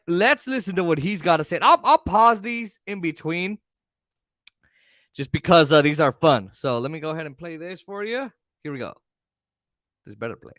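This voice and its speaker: Male commentary host, chatty and rambling, with a fairly high, bright tone. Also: expressive, moderate pace, long pauses, no echo, clean studio sound. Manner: rambling, many fillers and restarts. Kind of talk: casual commentary.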